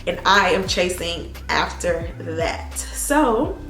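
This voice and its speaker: A woman, talking earnestly and with emphatic repetition in a heartfelt storytime vlog, her voice a little hoarse and emotional. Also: fairly low pitch, animated, slow pace, roomy sound, music in the background. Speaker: vlogger.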